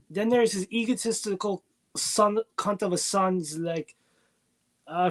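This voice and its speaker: Man, high voice, comic review co-host, crude jokey recap. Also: measured pace. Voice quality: crude, joking, playful paraphrasing. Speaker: podcast co-host. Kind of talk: casual comic book review chat.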